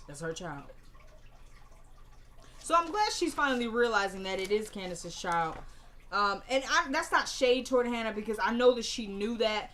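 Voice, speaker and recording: A woman's voice: on the high side, moderate pace, a little hiss or hum. A young woman casually recapping a TV episode on her vlog, chatting and acting out the dialogue. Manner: animated, acts out dialogue, chatty. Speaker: TV show reviewer. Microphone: camera mic.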